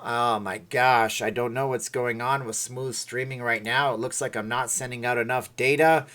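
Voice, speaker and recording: A middle-aged man chatting on his own livestream in a loose, rambling way. He reads viewers' comments aloud and laughs at his own attempts. The tone is playful and unhurried. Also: medium pitch, fairly even intonation, fairly bright tone. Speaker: livestream host. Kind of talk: casual livestream chat.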